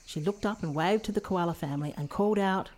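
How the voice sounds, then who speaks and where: A woman's voice: lowish voice, fast talker. A woman narrating a children's story in a storybook manner. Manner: warm storybook reading.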